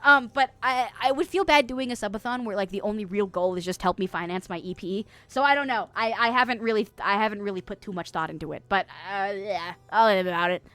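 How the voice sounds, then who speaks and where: A woman's voice: medium pitch, a little fast, few pauses, a bit bright, no echo. A woman streamer chatting casually with her viewers, giggly and rambling, swearing freely and full of fillers. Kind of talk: casual livestream chat. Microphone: streaming mic.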